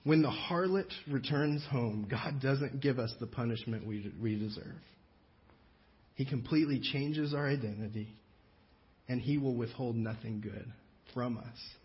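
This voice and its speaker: A man preaching a sermon as pastor, reading scripture slowly and carefully, then explaining it in a relaxed, conversational way with frequent restarts. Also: mid-range voice, highs cut off.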